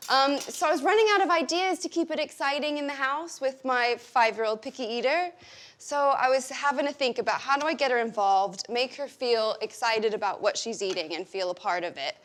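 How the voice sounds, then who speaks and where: A woman's voice: high voice, brisk, fairly bright tone. An American woman in her forties, chatting casually and laughing often as a guest cook in a kitchen. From United States. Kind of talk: casual chat while cooking.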